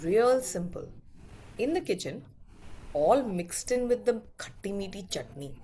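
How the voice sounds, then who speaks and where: A woman performing a stage monologue as an earthy, playful woman who loves pleasuring women, speaking softly and casually. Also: medium pitch, expressive, a little slow, breathy edge. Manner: soft, casual telling, mimicking regional cries.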